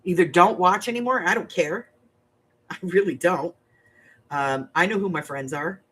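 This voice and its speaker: A woman's voice: on the low side, normal speed, a bit bright, husky. Older woman, grandmother, crafting livestream host, blunt, rambling. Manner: blunt, rambling, talks straight to viewers. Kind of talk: casual livestream chat.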